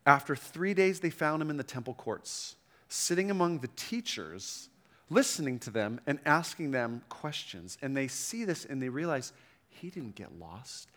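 A man's voice: a little high, lively intonation, normal speed, fairly bright tone. A middle-aged man preaching a sermon to a room, conversational, with frequent asides and restarts. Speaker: pastor.

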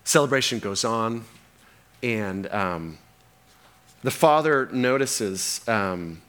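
A man's voice: lowish voice, animated, slow pace, fairly bright tone, clear, resonant tone. A male pastor preaching a sermon, telling the story with animation and acting out its characters.

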